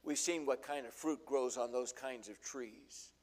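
Preaching in a folksy way, an older man tells stories from the pulpit and acts out the quotes within them. He speaks unhurriedly at a medium pitch with a slightly mellow tone.

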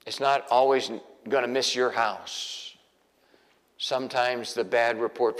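A male pastor delivering a sermon in a church, moving between hushed, near-whispered prayers and loud, emphatic preaching. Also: mid-range voice, a little slow. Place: church sanctuary. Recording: long reverb of a large hall.

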